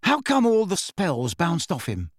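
A man's voice: sits high, wildly swooping pitch, a little slow, no room sound, clean studio sound, exaggerated voice. A man voicing a worried teenage schoolboy who asks plain, uneasy questions.

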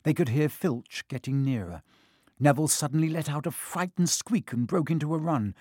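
An audiobook narrator telling a story in an animated, expressive way. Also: normal speed, husky, dry recording, clean studio sound. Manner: animated storytelling, varied pitch. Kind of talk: scripted narration.

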